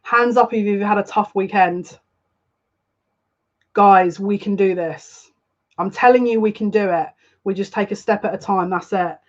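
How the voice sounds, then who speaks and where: A woman's voice: mid-range voice, unhurried, long pauses, muffled recording. A woman giving a live collective card reading as a psychic, talking in a chatty, rambling and openly emotional way.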